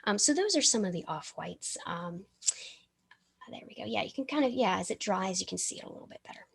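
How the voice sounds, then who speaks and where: Gravelly breathy woman teaching painting. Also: medium pitch, expressive, brisk. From American South. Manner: chatty, self-interrupting, mumbles with brush in mouth. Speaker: miniature painting instructor. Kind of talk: live paint-along class.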